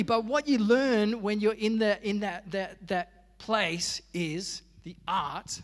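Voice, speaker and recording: A man's voice: high voice, fairly even intonation, takes it slowly, hardly any pauses, big-room sound. An Australian man preaching a sermon as pastor, telling stories with humor and animation. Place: church.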